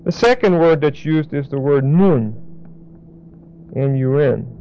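Male Bible teacher, slow and deliberate, fairly high voice, dull lo-fi recording. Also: lively intonation, warm tone, a little hiss or hum. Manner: deliberate, repeats and spells out key words.

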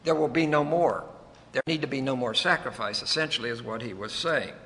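A man's voice: mid-range voice, a little fast, sharp tone. A man preaching a sermon, breaking down a Bible verse word by word, emphatic, with folksy joking asides. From United States. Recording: long reverb of a large hall.

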